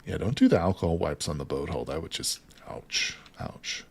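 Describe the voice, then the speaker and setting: A male game streamer with a somewhat low voice. He chats casually with his viewers, reads their comments aloud, and keeps breaking into laughter at his own jokes. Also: lively intonation, a little fast, creaky, slightly rough. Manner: jokey, laughs often, reads chat aloud. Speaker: livestreamer. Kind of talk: casual livestream chat while gaming.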